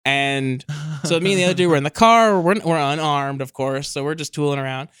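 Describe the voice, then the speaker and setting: Young male podcast co-host, high pitch, animated storyteller who swears and acts out quotes. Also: fairly quick, clear, resonant tone, no echo, clean studio sound. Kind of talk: casual chat.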